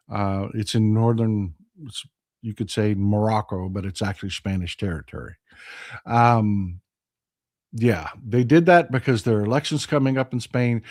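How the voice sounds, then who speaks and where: A folksy man hosts a live stream, thanking viewers and wandering into long rambles. His voice sits at an everyday middle pitch. It is recorded close on a dry mic with no room sound. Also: no echo. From Texas. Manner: folksy and chatty, rambling with restarts. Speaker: host of a live call-in stream. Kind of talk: casual chat reading viewer comments.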